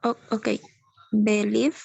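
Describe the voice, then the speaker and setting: A woman student on a video call reading words aloud slowly and carefully. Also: mid-range voice, little pitch movement, creaky, a little mellow, breathy edge, no echo, lo-fi sound. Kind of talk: reading word lists aloud.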